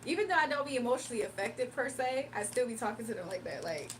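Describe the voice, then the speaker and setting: Reading viewer messages out loud, a livestream host doing readings keeps a casual, chatty conversation going and laughs easily. Her high voice is expressive and she talks fast. She sits slightly off-mic, with a faint room hum behind her.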